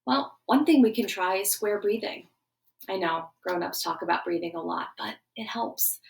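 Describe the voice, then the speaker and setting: A middle-aged woman giving a gentle morning lesson to schoolchildren, coaxing them through a breathing exercise. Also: mid-range voice, expressive, moderate pace, gravelly. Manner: warm, coaxing teacher voice, guiding breathing. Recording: voice a bit distant from the mic.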